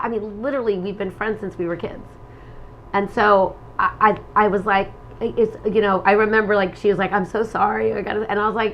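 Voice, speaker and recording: A middle-aged woman co-hosting a relationship talk, telling a story with lively energy. She slips into the voices of the people in her story. There is a faint hiss behind her. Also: mid-range voice, fairly quick, low-quality recording. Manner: animated storyteller, acts out quoted lines. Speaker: relationship podcast co-host. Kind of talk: casual chat.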